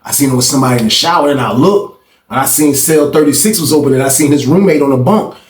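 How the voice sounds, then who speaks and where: Fast-talking man telling a story, roomy sound. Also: recorded from a distance. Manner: animated, acts out other people's voices with big pitch jumps. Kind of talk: casual storytelling.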